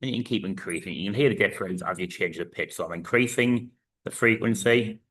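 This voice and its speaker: Low, bright-voiced male physics teacher. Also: quick pace. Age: 30s. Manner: explains step by step with frequent fillers. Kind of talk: recorded online lesson.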